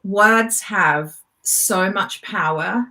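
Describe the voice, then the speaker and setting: A woman's voice: mid-range voice, extremely slow, bright, forceful tone. Enthusiastic woman host coaching. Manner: enthusiastic and emotional, emphatic. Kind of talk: casual conversation.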